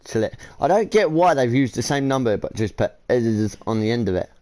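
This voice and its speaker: A man's voice: mid-range voice, lively intonation, a little fast, warm tone. A man chatting casually with friends while playing a game, joking and teasing as he builds. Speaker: gaming channel host. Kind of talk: casual gaming chat with friends.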